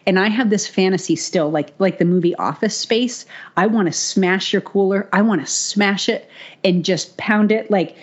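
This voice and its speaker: A woman co-host tells a story on a podcast in a loose, animated voice, dropping casual swears as she goes. Her pitch sits in a middle range for a woman. The audio is a little dull and muffled.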